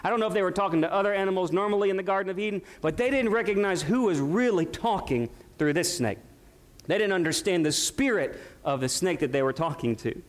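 A high-pitched male pastor delivering a sermon. He preaches with emphasis, throwing rhetorical questions out to the congregation and answering them himself. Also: fast talker.

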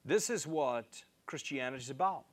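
A man's voice: lively intonation, normal speed. A man preaching a sermon, reading scripture and repeating key phrases for emphasis. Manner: emphatic, repeats key phrases, rises in pitch to stress points.

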